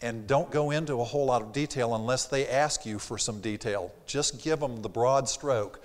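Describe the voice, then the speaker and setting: A man's voice: mid-range voice, normal speed, hardly any pauses. Man giving a seminar in a reverberant theater. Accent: slight Southern. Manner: animated, acts out quoted customers. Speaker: sales trainer. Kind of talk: live seminar presentation. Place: theater stage.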